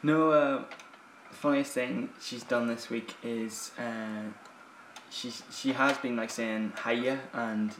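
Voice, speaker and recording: A man co-hosting a casual podcast, chatty and quick to laugh, calling himself a loud person. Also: medium pitch, steady tone. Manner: laughs often, self-described loud person. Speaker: podcast co-host. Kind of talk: casual chat. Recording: echoey room, faint hiss.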